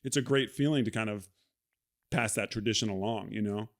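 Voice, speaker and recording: A man's voice: fairly low pitch, a little fast. A middle-aged man in casual conversation as a podcast guest, telling stories animatedly and acting out quoted lines. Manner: animated storyteller, acts out quoted lines with laughs.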